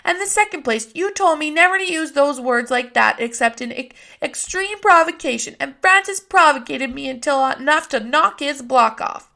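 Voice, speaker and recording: A woman's voice: high voice, normal speed, creaky, hardly any pauses, sharp tone, voice pushed up, exaggerated voice. A woman voicing a feisty, defiant young girl who argues and pleads in a storybook reading. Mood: earnest.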